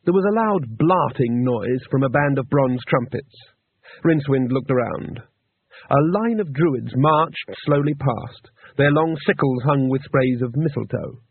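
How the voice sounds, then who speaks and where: A man narrating an audiobook in a measured, dry way, at a middle pitch. His voice is husky, and the sound is narrow and tinny like a phone line, with no room echo. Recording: tinny narrow-band recording.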